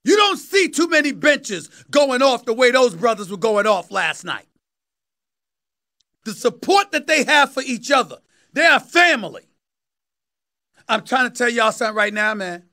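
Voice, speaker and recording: In a sports commentary monologue, a fifties-something talk host from New York City speaks in a high, bright, forceful voice, preaching with emphasis and repeating phrases for effect. His delivery is sing-song and a little slow, with frequent pauses.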